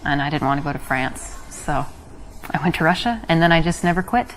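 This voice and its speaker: An actress playing a dry, unimpressed young American woman on a date in a game, answering in a deadpan, curt way. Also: deep voice, brisk, faint music behind, low-quality recording. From United States.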